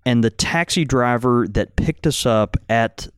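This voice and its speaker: A man's voice: mid-range voice, measured pace, smooth, no echo, clean studio sound. A man co-hosting a casual podcast, rambling through stories with lots of repeated words and fillers. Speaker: podcast co-host, tobacco shop owner. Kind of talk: casual chat.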